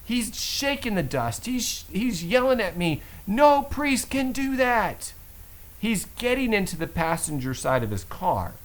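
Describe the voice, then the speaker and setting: A middle-aged man telling a story to camera, expressive and swinging between low asides and loud exclaims. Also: rough recording. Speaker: Catholic vlogger.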